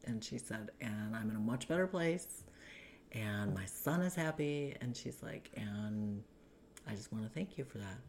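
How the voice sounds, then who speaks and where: Very deep-voiced woman with gravelly fry. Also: animated, measured pace, darkish tone, slight background noise. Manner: chatty, many fillers, acts out quoted people. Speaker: guest telling her life story. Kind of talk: casual conversational storytelling.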